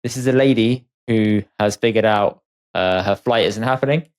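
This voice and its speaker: A man's voice: lowish voice, normal speed, smooth. A man, co-hosting a podcast with wry, joking casual commentary. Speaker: podcast co-host. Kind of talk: casual chat.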